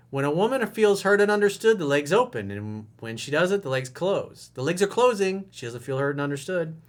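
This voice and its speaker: Blunt, mocking man, slightly high voice. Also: animated, a little fast, few pauses. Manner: laughs while reading. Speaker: dating coach. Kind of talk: reading and commenting on a viewer's email.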